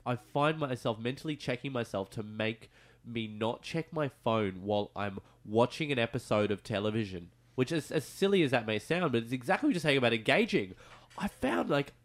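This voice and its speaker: A chatty male radio host in a studio, talking at a middling pitch with lively stammers and false starts. He jumps high when mimicking others, then settles back into easy banter. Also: fairly quick. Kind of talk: casual radio chat.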